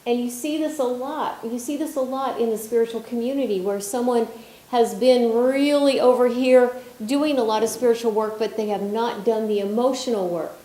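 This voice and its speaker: Animated woman speaking in an echoey hall. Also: a little high, moderate pace. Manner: animated and expressive, with frequent restarts and filler phrases. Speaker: workshop leader and spiritual healer. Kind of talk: conversational workshop talk. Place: conference hall. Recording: roomy conference hall echo.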